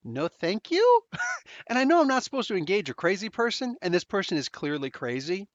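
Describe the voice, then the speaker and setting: A podcast host with a New Jersey accent, rambling through an anecdote full of slang and restarts. His pitch bounces around a lot, sitting a bit high for a man. The sound is dry and somewhat dull, like a lo-fi home setup. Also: sing-song, quick pace, fairly bright tone, no echo. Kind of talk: casual storytelling.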